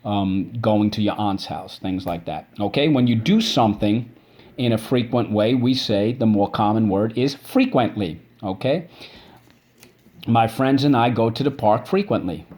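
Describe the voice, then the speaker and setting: Teaching vocabulary and spelling, this man drills words syllable by syllable in a drawn-out way and asks "okay?" after every point. His voice is fairly low, darkish in tone, and expressive.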